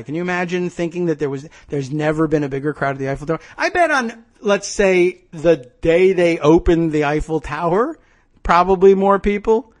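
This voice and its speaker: A man's voice: a little high, expressive, moderate pace. A man hosting a political commentary podcast, talking in a sarcastic, ranting way. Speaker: podcast host.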